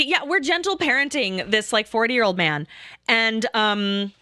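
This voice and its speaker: A woman in her thirties telling a rambling, animated story in casual chat, swearing often and acting out what people said. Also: a little high, normal speed, dry recording, clean studio sound. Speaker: storyteller recounting a game night.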